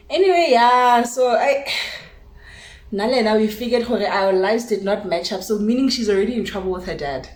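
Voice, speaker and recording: A young South African woman telling a story to her vlog audience in a lively way, acting out what each person said. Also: fairly high pitch, brisk. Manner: animated storytelling, switching languages, acts out dialogue. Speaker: vlogger. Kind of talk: casual storytime chat. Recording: echoey room.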